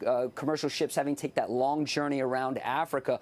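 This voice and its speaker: A man with a mid-range voice reports for a television newscast. He is measured and explanatory, and he pauses often on "uh" while laying out details. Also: medium pitch, fairly even intonation. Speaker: military news correspondent. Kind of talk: broadcast news report.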